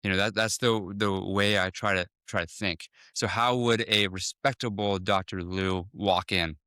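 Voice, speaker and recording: A man, a dentist, speaking as a guest in a casual podcast interview, talking quickly with many restarts and acting out conversations with patients. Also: sits low, fairly even intonation, pushed and bright, smooth, no room sound, clean studio sound. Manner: fast, full of restarts, acts out patient talks.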